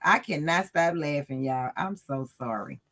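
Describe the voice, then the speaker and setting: Slow-talking chatty woman sewing host. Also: sits low, expressive, fairly bright tone. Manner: chatty, talks to her live chat, laughs often. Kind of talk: casual livestream sewing lesson.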